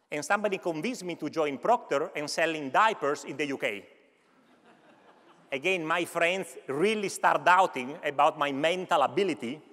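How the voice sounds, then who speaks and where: A man's voice: high-pitched, a bit bright. A man in his fifties from Italy's Veneto region with a Veneto Italian accent, giving a chatty conference keynote with joking asides to the audience. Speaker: alumni keynote speaker. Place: large university auditorium. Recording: echoey lecture hall.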